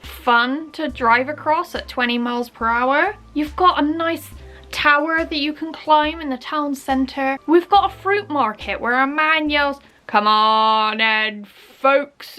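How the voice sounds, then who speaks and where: A woman's voice: sits high, sharp tone. A young woman with a Bristol accent, hosting a playful, jokey explainer vlog. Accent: Bristol English. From Bristol, England. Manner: playful, jokey, puts on exaggerated local phrases. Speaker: vlogger.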